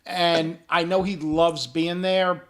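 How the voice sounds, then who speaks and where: Casual storytelling man, slightly high voice. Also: little pitch movement, takes it slowly, a bit bright. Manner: storytelling, profane, acts out quoted voices. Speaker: podcast co-host. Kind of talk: casual chat.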